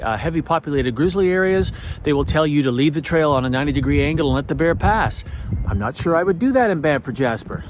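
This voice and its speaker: Middle-aged guy giving practical trail tips outside, kinda high voice, faint wind and noise behind. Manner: plain-spoken, practical, with the odd chuckle. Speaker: hiking channel host. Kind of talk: instructional vlog talk. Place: outdoors on a mountain trail.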